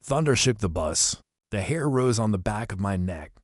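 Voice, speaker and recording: A man reading an adventure novel aloud as an audiobook narrator, telling the action briskly in the first person. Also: fairly low pitch, animated, no room sound, studio quality. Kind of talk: scripted storybook narration.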